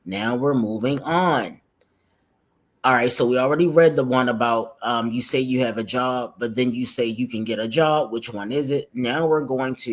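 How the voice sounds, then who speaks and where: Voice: medium pitch, normal speed. A livestream host reacting to a video and reading comments, chatty and slangy, calling viewers "y'all".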